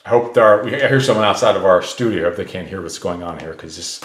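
A man's voice: deep voice, fast, reverberant. A man hosting a casual podcast, telling a rambling joking story and teasing his co-hosts. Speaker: podcast host. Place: small home studio.

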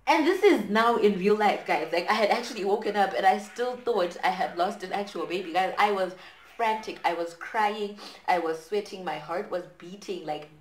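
A woman's voice: medium pitch, normal speed. A woman in her twenties from Zimbabwe, telling a dramatic storytime while doing her hair, with lots of fillers. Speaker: vlogger. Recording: echoey room.

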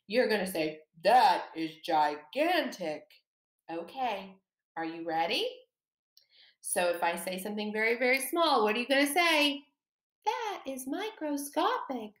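Animated teacher woman, slow and lively. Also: a little high, roomy sound. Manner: slow, animated, encouraging, exaggerated emphasis for children. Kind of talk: second-grade lesson to camera.

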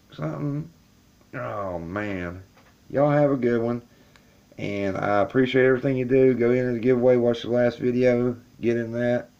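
A man's voice: mid-range voice, a little mellow, clean tone, lo-fi sound. A man filming himself in a laundry room as he opens trading card packs, talking to his viewers in a casual, chatty way and growing frustrated. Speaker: YouTuber opening card packs. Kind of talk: casual video commentary. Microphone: camera on a table.

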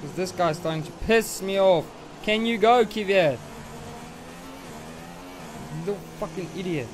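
A man's voice: sits high, unhurried, background noise. A young man commenting on a racing game he is playing, frustrated and swearing at a rival driver. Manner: frustrated, swearing ranting at an opponent. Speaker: gaming channel host.

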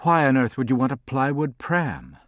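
A man's voice: medium pitch, very animated, normal speed, no room sound, clean studio sound, voice pushed up, close to an everyday voice. A man voicing a wealthy, pompous and condescending man in an audiobook, with an affected, posh way of talking. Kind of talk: audiobook character voice.

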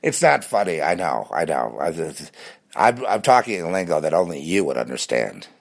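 A man talking in a rambling, animated casual monologue with many restarts. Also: extremely low pitch, moderate pace, creaky.

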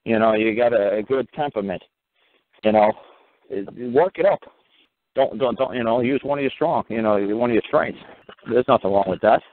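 A man's voice: mid-range voice, normal speed, no echo. A middle-aged man with a New York accent, giving blunt, profane, emphatic advice on a call-in talk show. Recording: tinny phone line.

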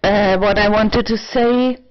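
A woman in her apartment, rambling in a personal vlog with non-native English phrasing, halting restarts and sudden swearing, a little tipsy. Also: mid-range voice, fairly even intonation, highs cut off. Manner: halting, many restarts and fillers, swings into swearing and emotional outbursts. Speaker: vlogger. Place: own apartment.

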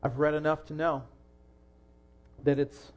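A young man preaching a sermon in a church, earnest, rising to loud emphasis and dropping soft again. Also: a little high, level tone, measured pace. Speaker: pastor.

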